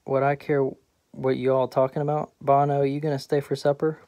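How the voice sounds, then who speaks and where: A man's voice: mid-range voice, flat delivery, brisk, no room sound, close to an everyday voice. A man voicing a patient, grounded middle-aged wife who answers matter-of-factly, in a play audiobook. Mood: plain. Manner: matter-of-fact, gently scolding.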